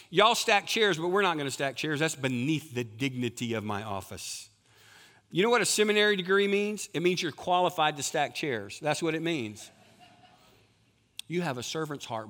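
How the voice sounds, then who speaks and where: A man's voice: high-pitched, fairly bright tone. A middle-aged man preaching a sermon as lead pastor, conversational and full of rhetorical questions to the congregation.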